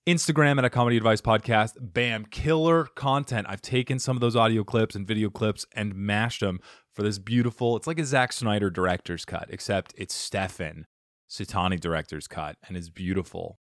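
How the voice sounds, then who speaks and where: A playful podcast host talks in a lowish voice, hopping between thanks and goofy bits. The sound is close and dry, with no room around it. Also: male voice, normal speed, no room sound. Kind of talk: casual podcast chat and outro.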